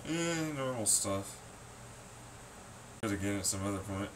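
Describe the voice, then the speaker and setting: A man ranting in a sarcastic, scornful, profane monologue, swinging between muttering and loud shouting. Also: on the low side, expressive, measured pace, noisy background. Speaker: vlogger.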